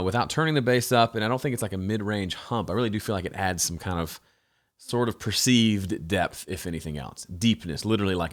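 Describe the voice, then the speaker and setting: A man hosting a home studio mixing tutorial, talking casually with frequent fillers and restarts. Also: deep voice. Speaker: host.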